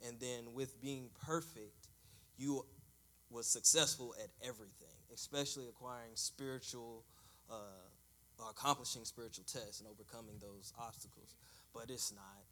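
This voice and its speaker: A man giving a halting personal testimony of thanks at a church service, often searching for words. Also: medium pitch, pushed and bright.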